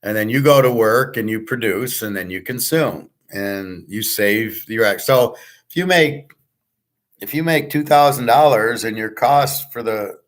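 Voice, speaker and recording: A man's voice: fairly low pitch, measured pace. Blunt, profane man rambling casually. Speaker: host.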